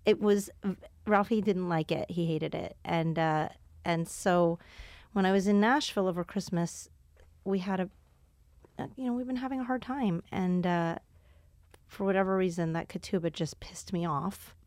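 A woman comedian hosting a podcast, telling stories in a lively casual way with lots of fillers and laughter. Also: on the low side, moderate pace, dry recording. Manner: animated storyteller, laughs often, frequent fillers. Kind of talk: casual chat.

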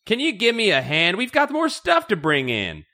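A man's voice: high voice, huge pitch swings, normal speed, sharp tone, voice pushed up, full character voice. Man doing an eager young boy.

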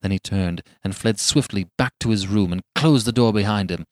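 A man narrating a horror story in a hushed, suspenseful way. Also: lowish voice, moderate pace, no echo, clean studio sound. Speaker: audiobook narrator.

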